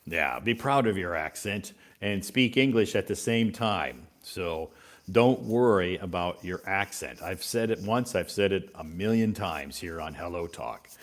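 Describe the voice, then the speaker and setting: Deep-voiced male English teacher, easygoing live-stream chat, repeats points to reassure viewers. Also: measured pace. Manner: relaxed, repetitive, reassuring.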